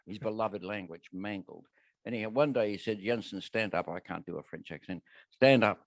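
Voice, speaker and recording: An older man answers questions as a guest speaker, his low voice dry and close on a handheld mic. He tells self-deprecating stories in a wry, easy way. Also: brisk, dry recording. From Australia. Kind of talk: casual Q&A with anecdotes. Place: city lunchtime meeting room. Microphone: shared handheld mic.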